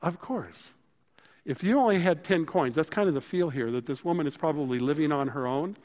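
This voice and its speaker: Animated preacher man in a reverberant hall. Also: fairly high pitch, a little fast. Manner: conversational, animated, drops to a hushed voice for emphasis. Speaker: pastor. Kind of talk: sermon.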